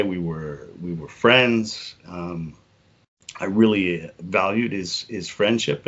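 A middle-aged man telling a personal story as a podcast guest, earnest and halting, often repeating words and saying "you know". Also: low voice, a bit bright, breathy edge, muffled recording.

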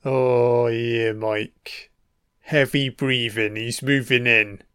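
A man's voice: medium pitch, steady tone, extremely slow, fairly bright tone, clear, resonant tone, dry recording, clean studio sound. A man giving casual, sweary film commentary, sardonic and mocking.

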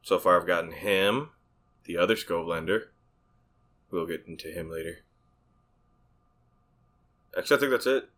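Male co-host, low voice, wry teasing sidekick in a casual chat. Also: moderate pace, long pauses, a bit bright. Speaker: podcast co-host.

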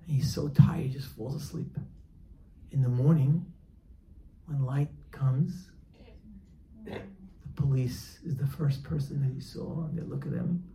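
A man tells a story as part of a sermon, animated and acting out each character. His voice is gravelly and mid-pitched. The sound is roomy, with faint noise in the background. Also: measured pace, long pauses.

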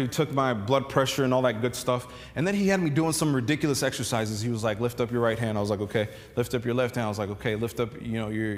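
A man's voice: medium pitch, in a large hall. A male pastor preaching a sermon in a loose, conversational storytelling way, full of restarts and fillers.

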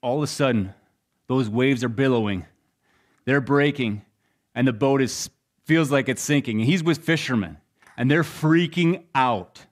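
A man's voice: mid-range voice, unhurried. Pastor, young adult male, medium voice, storytelling sermon with dynamic delivery. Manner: storytelling, swings between loud and hushed.

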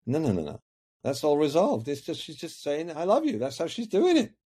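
A man's voice: fairly high pitch, wildly swooping pitch, fairly quick, warm tone, breathy edge. A man talking as a coaching guest on a podcast, earnest and reflective, often repeating words while he finds his point. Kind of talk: podcast conversation.

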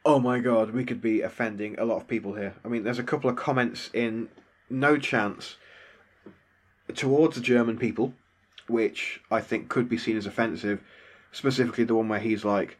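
A man's voice: medium pitch, steady tone, a little fast. A man with an English accent, co-hosting a podcast in casual, rambling chat with a self-deprecating streak. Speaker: podcast co-host.

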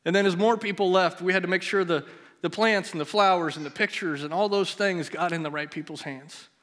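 A pastor telling a personal story in a sermon, his voice dropping to a near hush at the emotional moments. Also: sits high, brisk. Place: church sanctuary.

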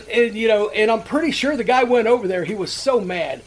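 A man's voice: high voice, a little fast, few pauses. A man co-hosting a casual talk show, telling crude prank-call stories and acting out the people in them. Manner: crude, animated, acts out the people in his stories. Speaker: podcast co-host. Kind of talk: casual chat, storytelling.

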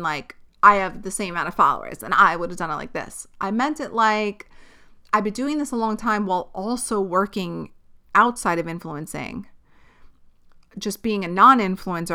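A young woman hosting her own podcast, venting bluntly and profanely in a casual, animated way. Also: mid-range voice, clear, resonant tone. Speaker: podcast host. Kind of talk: casual solo podcast rant.

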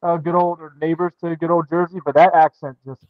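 A young man co-hosting a casual podcast, telling stories in a jokey, animated way. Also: a little high, a little fast, no echo. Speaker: podcast co-host. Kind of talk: casual chat. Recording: dull, lo-fi dry sound.

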